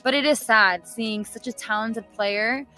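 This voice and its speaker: A woman's voice: on the high side, unhurried, bright, forceful tone, faint music behind, rough recording. A woman co-hosting a casual live-stream chat, upbeat and chatty with many fillers. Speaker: co-host. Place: studio.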